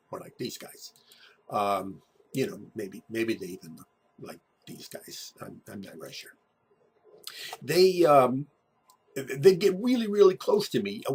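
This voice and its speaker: A man telling a personal story from his childhood over photos, in a halting way full of restarts and repeated words. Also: medium pitch, creaky, slightly rough.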